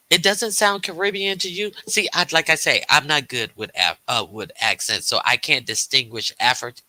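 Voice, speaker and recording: A man hosts a casual livestream, rambling along with lots of fillers and restarts. He reads viewers' chat aloud and answers it. His voice is very bright and the recording is dry. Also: medium pitch, dry recording, poor audio. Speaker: livestream host.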